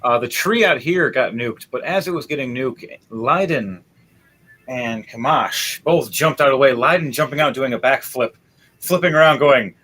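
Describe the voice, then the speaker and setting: A man narrating as game master, shifting between loud, excited bursts and quick, low asides. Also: rough recording.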